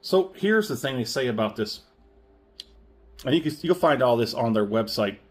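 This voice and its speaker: A man's voice: medium pitch, expressive, normal speed. Rambling, chatty male whisky reviewer. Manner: rambling, chatty, self-correcting, chuckles often. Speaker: spirits reviewer. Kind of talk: casual product review.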